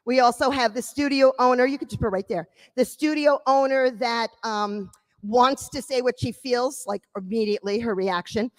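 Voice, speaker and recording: A woman's voice: on the high side, big-room sound. A woman presenting a live workshop, energetically coaching participants through role-play. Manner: energetic, encouraging, coaxing.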